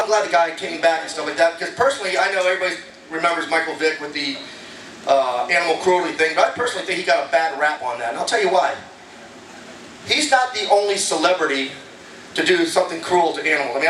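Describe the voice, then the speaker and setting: High-voiced male comedian in an echoey club. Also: a bit bright, far from the mic, slight background noise. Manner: casual, chatty, banters with the audience. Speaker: stand-up comedian. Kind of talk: stand-up comedy set. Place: comedy club stage before a live audience. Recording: echoey club recorded from afar.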